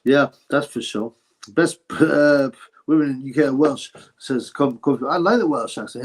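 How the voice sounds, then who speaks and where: A man's voice: mid-range voice, expressive, moderate pace, breathy edge. Blunt British man answering live chat. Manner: blunt, crude, reads viewer questions aloud then answers. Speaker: livestream host answering chat. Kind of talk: casual live-chat commentary.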